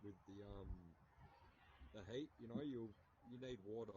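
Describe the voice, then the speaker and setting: A man's voice: lowish voice, moderate pace, warm tone, husky, dry recording, highs cut off. A man with an Australian accent calling in to a podcast, laid-back and joking. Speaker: caller. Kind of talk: casual phone-in chat.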